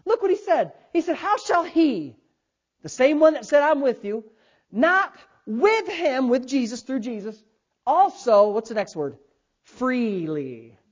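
A man's voice: extremely high pitch, moderate pace. A man in his thirties preaching a sermon as a pastor, acting out voices and calling on the congregation to answer. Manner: animated preaching, acts out God's voice and calls for responses. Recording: dull lo-fi sound.

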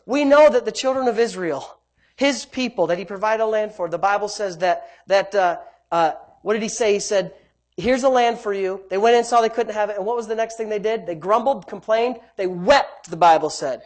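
At normal speed, a preacher's sermon swings from loud, emphatic bursts down to quiet, low asides. It's repetitive, with key phrases drawn out and frequent calls to the congregation.

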